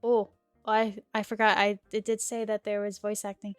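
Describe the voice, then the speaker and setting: A woman's voice: medium pitch, flat delivery, moderate pace, clear, resonant tone, dry recording. A woman streamer reading a dating game aloud in a casual playthrough, with a sore throat and giggly, chatty asides. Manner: chatty, giggly asides between read lines. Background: faint game music.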